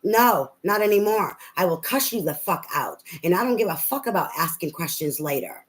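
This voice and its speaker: A woman's voice: sits low, animated, fairly quick, slight background noise, low-quality recording. A woman tarot reader on a live reading, talking bluntly and profanely in a rambling, ranting way with many fillers.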